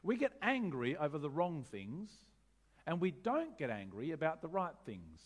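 Man, pastor, slightly high voice, very expressive delivery, rhetorical and wry. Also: moderate pace, husky. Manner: animated, rhetorical questions, wry humor. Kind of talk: sermon.

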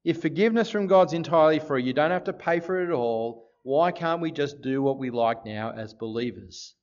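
A man preaching a sermon to a congregation, lively and joking, often asking his listeners questions. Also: on the high side, brisk, lo-fi sound. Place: church service before a congregation.

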